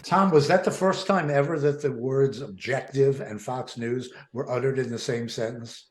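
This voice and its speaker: A man's voice: mid-range voice, moderate pace. Man telling ironic stories in an echoey room. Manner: storytelling, ironic asides. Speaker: comedy panelist. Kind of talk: casual anecdote telling. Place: home, on a video call.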